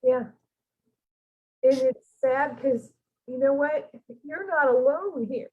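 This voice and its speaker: A woman speaking in a gentle, earnest way as she gives spiritual counseling in a channeling session. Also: high voice, takes it slowly, muffled recording. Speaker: channeling medium.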